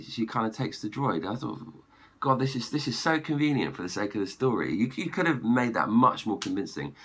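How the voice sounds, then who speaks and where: A man giving an exasperated, opinionated film review rant, clearing his throat often. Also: deep voice, fairly bright tone. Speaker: movie reviewer.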